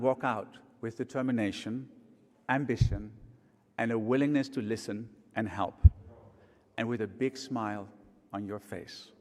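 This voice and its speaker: A man speaking on stage at a conference, giving an earnest, measured memorial tribute from a podium microphone. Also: lowish voice. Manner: earnest, measured, warm remembrance. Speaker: conference speaker, program chief. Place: large conference hall stage. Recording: long hall reverb.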